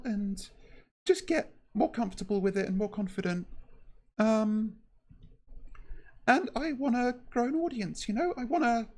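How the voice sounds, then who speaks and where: A woman chatting casually on a stream, her voice pitched a bit high and slightly shaky. She talks in a halting, nervous way, stopping and restarting often and leaning on fillers. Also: a little mellow. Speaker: VTuber streamer.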